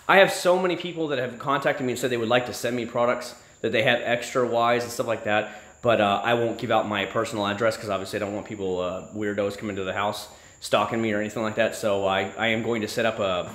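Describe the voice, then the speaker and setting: A man from Florida hosts a casual livestream, spinning long stories with a bright, forceful edge to his voice. He is chatty and profane, with exasperated asides, and his pitch sits in a middle range for a man. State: married. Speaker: YouTube channel host.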